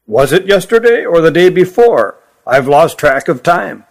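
A man's voice: on the high side, sing-song, a little slow. A man voicing a weary, fretful old male magician in a storybook, asking anxious questions.

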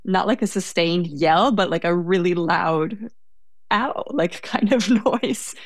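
A woman's voice: on the low side, unhurried, no room sound. A young woman telling a story in conversation, hesitant and self-correcting, laughing now and then.

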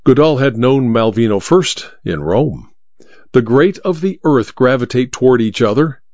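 A male narrator reads a story in a measured, expressive manner. His mid-range voice rises and falls freely. The recording is dry, close and slightly muffled. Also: medium pitch, no room sound. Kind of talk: audiobook narration.

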